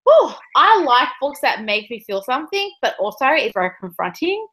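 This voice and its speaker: A woman's voice: high voice, sing-song, moderate pace, a bit bright, low-quality recording. A woman co-hosting a casual book discussion over a video call, emotional and close to tears, rambling with lots of "like". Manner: emotional, tearful, rambling with many likes. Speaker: book club co-host.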